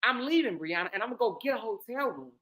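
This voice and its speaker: A woman voicing a husband who sounds sweet and calm, with a soft, coaxing, syrupy manner. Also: a little high, fast talker. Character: man, calm husband, falsely sweet, mocking.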